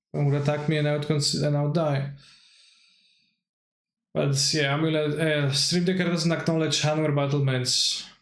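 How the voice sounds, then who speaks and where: A man's voice: fairly high pitch, vocal fry, echoey room. A man streaming himself playing a card game, talking through his plays and answering chat viewers as he goes. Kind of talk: casual gameplay commentary.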